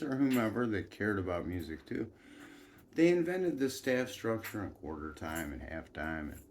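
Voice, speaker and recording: A man's voice: deep voice, a little mellow, slight background noise. A man telling a meandering personal story in a folksy style, with asides and chuckles.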